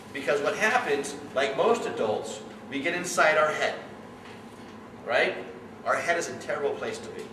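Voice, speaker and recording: A middle-aged man coaching, giving an animated story-driven talk to parents and questioning his audience. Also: fairly high pitch. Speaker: youth sports coach. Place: room with an audience. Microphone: distant room mic. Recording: echoey room, distant mic, background noise.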